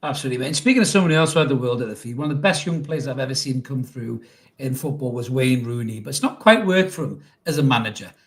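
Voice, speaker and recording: A man's voice: mid-range voice, animated, fast. A middle-aged man co-hosting a casual football podcast, cheeky and joking, swearing freely and laughing often. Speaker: podcast co-host.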